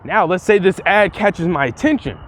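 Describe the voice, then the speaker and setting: A man's voice: sits high, animated, moderate pace, fairly bright tone, slight background noise. A young man vlogging in casual commentary, rambling and profane, often restarting his sentences. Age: young adult.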